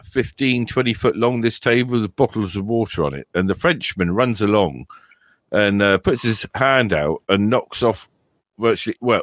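A man's voice: lowish voice, no room sound. A man hosting a casual podcast, rambling through stories and often chuckling. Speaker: podcast host.

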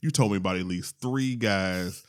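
A man's voice: low-pitched, moderate pace, smooth. Easygoing male host; loose, conversational, asks questions and laughs along. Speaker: podcast host. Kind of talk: casual chat.

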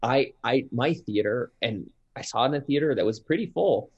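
A man's voice: medium pitch, expressive, normal speed, darkish tone, breathy edge, lo-fi sound. A man in casual chat about movies, enthusiastic, swearing freely and saying "like" a lot. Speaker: podcast co-host.

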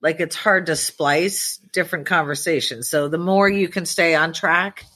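A woman co-hosting a podcast, bantering casually and teasing her husband, with a breathy voice and frequent laughs. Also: sits low, steady tone, normal speed, fairly bright tone. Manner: teasing, playful, laughs often. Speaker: podcast co-host.

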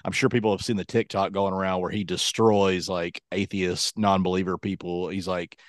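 A man's voice: deep voice, level tone, normal speed, no echo, studio quality. A man co-hosting a podcast, telling stories in a rambling, self-mocking way. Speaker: podcast co-host. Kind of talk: casual chat.

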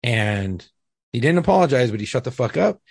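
A man telling a story in a casual podcast chat, profane and animated. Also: mid-range voice, a little fast, creaky, slightly rough, no echo.

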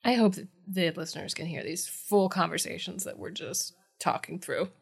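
A woman's voice: lowish voice, vocal fry, slightly rough. A woman co-hosting a podcast, chatting casually about a TV episode and laughing often. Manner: chatty and amused, quick to laugh. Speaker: podcast co-host. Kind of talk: casual chat recapping a TV episode.

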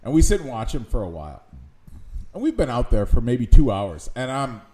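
A man's voice: medium pitch, big pitch swings, fairly quick, dark tone. A man casually telling a rambling, self-mocking story about a first hunt, with many restarts. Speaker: guest storyteller. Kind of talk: casual chat.

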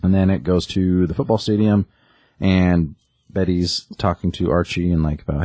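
A man's voice: deep voice, steady tone, normal speed, mellow, no echo. A man co-hosting a podcast, casually retelling a comic's plot with lots of ums and likes. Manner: rambling plot recap with many ums and likes. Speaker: podcast co-host. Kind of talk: casual comic book chat.

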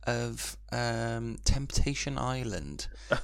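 Gravelly man, relaxed podcast banter, dry close mic. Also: mid-range voice, slow, no echo. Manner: laid-back, swearing, laughs a lot. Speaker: podcast co-host. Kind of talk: casual banter.

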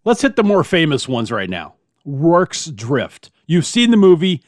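A man's voice: a little high, wildly swooping pitch, measured pace, no echo, clean studio sound. A man hosting a history podcast, reading through a list in a chatty, self-deprecating way. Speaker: podcast host. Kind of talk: informal history podcast narration.

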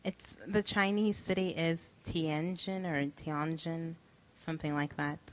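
A woman's voice: low voice, steady tone, unhurried. A woman from the chat room joining a casual talk show, hesitant and self-deprecating.

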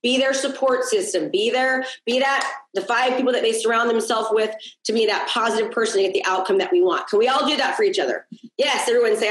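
A woman's voice: a little high, fairly quick, a bit bright, roomy sound, rough recording. A woman coaching a group on a video call, upbeat and encouraging, repeating key points and checking in with "okay?". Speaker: business coach.

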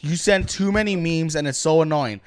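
A man's voice: on the high side, normal speed, clean tone, dry recording, clean studio sound. A young man co-hosting a podcast, ranting bluntly and profanely in casual chat. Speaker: podcast co-host.

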